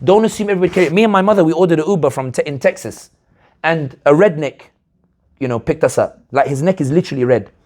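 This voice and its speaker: A political analyst speaking to an audience, telling stories and asking rhetorical questions in a lively, animated way. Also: male voice, on the high side, fast. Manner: animated storyteller, acts out quoted voices, rhetorical questions. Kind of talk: speech to an audience.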